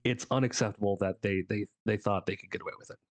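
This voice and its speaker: Male podcast co-host, low voice, dry sarcastic teasing, dry close sound. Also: fairly even intonation, fast, no room sound. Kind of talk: casual chat.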